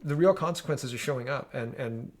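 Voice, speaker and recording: A man's voice: medium pitch, fairly quick. Sarcastic man giving political commentary. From Canada. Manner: sarcastic, animated, frequent "right?" asides.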